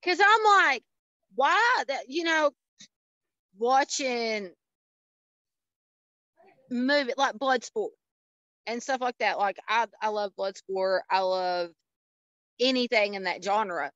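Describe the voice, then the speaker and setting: Woman, high voice, podcast guest, joking, laughs a lot, dry close sound. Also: takes it slowly, long pauses, a bit bright, no echo, highs cut off. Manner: joking, laughs easily, wisecracks. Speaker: former professional wrestler, guest. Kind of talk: casual podcast chat.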